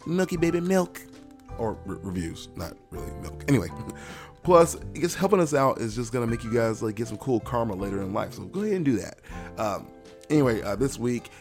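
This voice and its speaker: Young male podcast host with a lowish, gravelly voice. Rambling, self-deprecating and playful. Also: a little mellow. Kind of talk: casual solo podcast chat.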